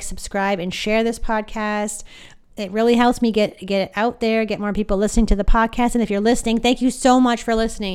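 Smooth-voiced chatty woman podcaster. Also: medium pitch. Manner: chatty and rambling, with many fillers and asides. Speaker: podcast host, psychic medium. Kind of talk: casual podcast monologue.

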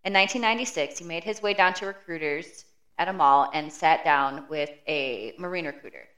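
A woman co-hosts a true crime podcast and reads out a prepared summary of the case. Her voice sits a little low, and her storytelling stays steady and matter-of-fact. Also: fairly quick. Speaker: podcast co-host.

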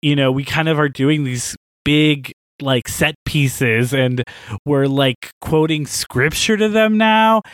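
A man brainstorming a story in casual talk, animated and rambling as he thinks out loud. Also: fairly high pitch, slow pace, no echo.

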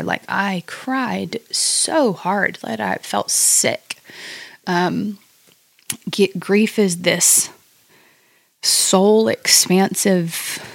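Gravelly low-voiced woman sharing reflections. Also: no room sound. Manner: reflective, halting, with many fillers and restarts. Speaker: podcast guest. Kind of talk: personal conversation about grief.

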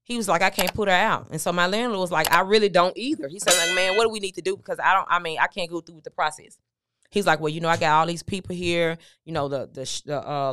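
A woman's voice: sits low, fairly bright tone, clear, resonant tone, dry recording, clean studio sound. A middle-aged woman, a guest on an interview show, candidly recounting a personal story and quoting what people said. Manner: conversational, recounting with quoted dialogue. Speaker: guest, motivational speaker.

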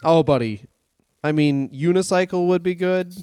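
A man's voice: a little high, normal speed, darkish tone, clear, resonant tone, no room sound. Profane, rambling man from Canada, dry sound. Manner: profane, rambling anecdotal storytelling. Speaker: comedian podcast co-host. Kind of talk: casual comedic chat.

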